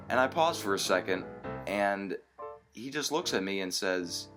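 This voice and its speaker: Male co-host, very low voice, deadpan anecdotes, music bed behind. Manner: dry storyteller, halting with ums. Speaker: podcast co-host. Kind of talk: storytelling comedy chat.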